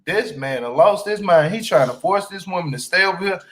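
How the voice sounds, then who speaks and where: A man's voice: high-pitched, animated, a little fast, a bit bright. A man voicing a skeptical male friend who mocks another man's plan in disbelief. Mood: incredulous. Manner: incredulous, mocking.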